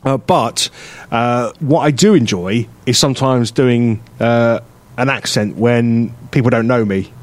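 A man's voice: medium pitch, a little slow, few pauses. Chatty man rambling through a story. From England. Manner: rambling anecdotal storytelling with frequent fillers and laughs. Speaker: radio show co-host. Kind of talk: casual chat.

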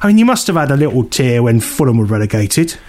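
A man co-hosting a radio chat show, telling stories casually and animatedly. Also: fast. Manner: animated storyteller, jumps up high for quoted voices.

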